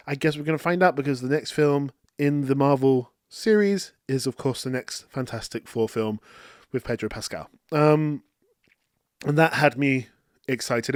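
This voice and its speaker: A man hosting a casual movie review show, animated and quoting characters in a raised voice, with hay fever that keeps him coughing. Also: fairly high pitch, normal speed, clean tone, dry recording, studio quality. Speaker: film review host.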